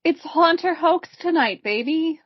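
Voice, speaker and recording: A woman's voice: very high voice, lively intonation, unhurried, no room sound. A woman hosting a podcast segment, introducing the game in a dry, wry tone. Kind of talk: casual chat with segment intro. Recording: dull dry lo-fi audio.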